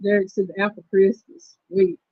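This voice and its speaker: A woman hosting a casual livestream chat, reading trivia questions slowly and repeating them. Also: medium pitch, monotone, no room sound. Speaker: host. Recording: dull lo-fi stream audio.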